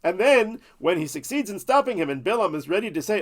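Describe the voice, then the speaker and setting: A man's voice: high-pitched, sing-song, fast, hardly any pauses, fairly bright tone. A man telling a Bible story as a lesson, with playful, jokey asides. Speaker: Torah teacher.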